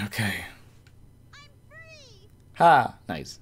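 A young man giving casual, jokey live-stream commentary while playing a video game, with quick bursts of frustration. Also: medium pitch, lively intonation.

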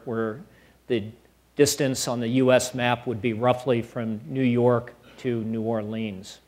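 A middle-aged man, an army general, giving a public lecture in a measured way, with many fillers and some dry humor. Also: medium pitch, a little mellow. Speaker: guest speaker, army general. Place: lecture hall.

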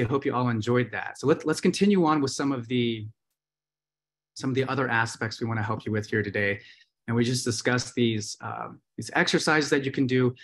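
A man's voice: mid-range voice, fairly bright tone. A man hosting a live webinar, coaching hip exercises in an encouraging, easygoing way. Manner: encouraging, easygoing, repeats cues.

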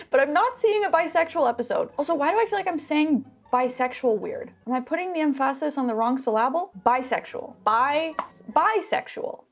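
A young adult woman hosting a casual reaction vlog to camera, bubbly and self-teasing, tossing in quick asides and laughs. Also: high-pitched. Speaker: YouTube reaction host.

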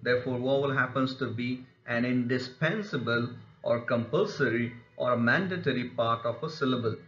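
A man's voice: medium pitch, moderate pace, fairly bright tone. A male teacher giving a methodical pronunciation lesson and repeating example words with care. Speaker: English teacher. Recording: echoey room, slightly muffled lo-fi sound.

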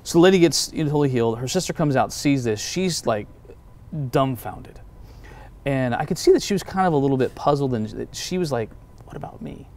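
Male pastor, mid-pitched voice, lively storyteller who acts out quoted voices, casual testimony talk. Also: a little fast. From United States.

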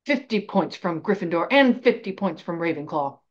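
A menacing male wizard professor, as a woman reader puts him on. He issues threats in a slow, low, deliberate hush, cold and imperious rather than loud. The recording sounds a little dull and lo-fi. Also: animated. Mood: coldly menacing.

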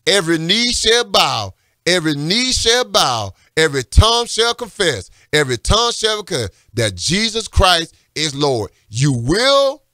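A preacher delivers a fervent radio sermon, his bright, forceful voice leaping through a lively range of pitch. He hammers the same phrases over and over, rising to emphatic calls. The studio sound is dry and close. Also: unhurried, no room sound. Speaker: radio pastor and host. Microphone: studio microphone.

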